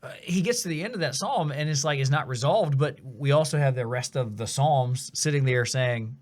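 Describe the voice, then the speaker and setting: A man's voice: medium pitch, normal speed. Earnest man, reflective. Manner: earnest, reflective, frequent restarts. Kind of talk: casual faith discussion.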